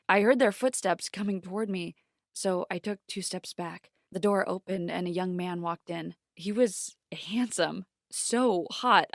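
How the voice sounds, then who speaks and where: A woman's voice: medium pitch, normal speed, no echo, studio quality. Woman telling a dramatic first-person story. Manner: dramatic, yells out quoted lines. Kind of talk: scripted first-person narration.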